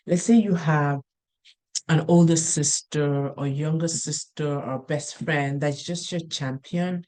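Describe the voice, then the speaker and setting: In a low-pitched, mellow voice, a middle-aged woman gives a casual motivational talk. She takes her time, sharing stories earnestly and restarting often.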